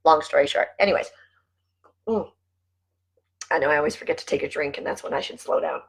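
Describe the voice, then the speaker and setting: A woman's voice: sits low, a little fast, gravelly, breathy edge, rough recording. A middle-aged woman talking casually to camera, chatty and rambling, laughing often as she goes off on asides. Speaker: vlogger and network marketing team leader.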